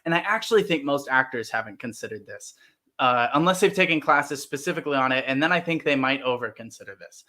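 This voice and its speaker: A man's voice: mid-range voice, expressive, fast, bright, forceful tone. An American man hosting a casual roundtable, enthusiastic and reading out viewer comments. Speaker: host.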